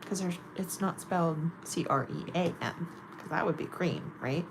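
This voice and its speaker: Giggly woman with a gravelly voice. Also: fairly low pitch, moderate pace, background noise. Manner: chatty, giggly, self-mocking. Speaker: nail vlogger. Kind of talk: casual chat while doing a manicure.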